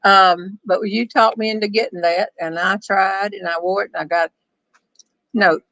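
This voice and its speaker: An older woman, chatting and storytelling on a back porch, wry and quick to laugh. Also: medium pitch, fairly even intonation, fairly bright tone, no echo, low-quality recording. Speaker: storyteller host reading viewer questions. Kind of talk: casual chat with a friend.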